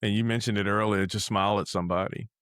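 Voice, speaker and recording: A man's voice: lowish voice, fairly even intonation, fast talker, a bit bright, no echo, studio quality. A man hosting a podcast, reacting with enthusiasm and talking about his own experiences. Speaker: podcast host. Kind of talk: casual interview chat.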